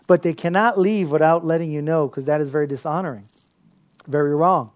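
Pastor, male, slightly high voice, animated sermon delivery with lots of laughter. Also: brisk, lo-fi sound. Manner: animated storytelling with frequent laughter.

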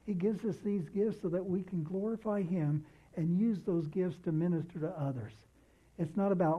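A man's voice: sits high, moderate pace, breathy edge. Man, pastor, earnest sermon, repeats phrases, thin phone-like sound. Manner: earnest preaching, repeats key phrases for emphasis.

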